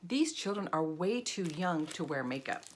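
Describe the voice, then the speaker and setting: A woman voicing a cheerful, literal-minded housekeeper while reading a storybook aloud, in a bright, earnest delivery. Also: lowish voice, lively intonation, moderate pace, a little hiss or hum, natural voice.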